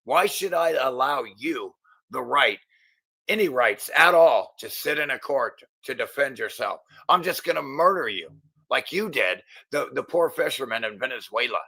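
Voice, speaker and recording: Gravelly, sharp-edged angry middle-aged man. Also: mid-range voice, animated, moderate pace. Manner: profane, agitated, stumbling restarts. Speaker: channel host. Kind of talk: angry ranting monologue.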